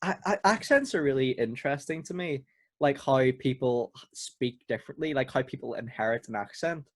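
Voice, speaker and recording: Man, easygoing podcast co-host, mid pitch, dry close audio. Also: moderate pace, dry recording. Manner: easygoing, frequent laughs and agreeing. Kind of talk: casual chat.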